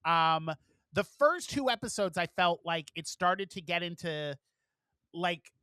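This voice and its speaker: Chatty bright-voiced man. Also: high-pitched, expressive, unhurried, smooth, no echo. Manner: chatty, swears freely, recaps scenes with quoted lines. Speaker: podcast co-host. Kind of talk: casual chat.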